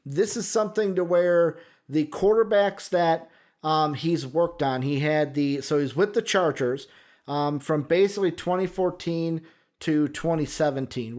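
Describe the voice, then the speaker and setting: A man's voice: a little high, a little slow, a little mellow. A man with a Chicago accent co-hosting a casual sports talk show, thinking aloud and rambling with plenty of fillers. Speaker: sports podcast co-host.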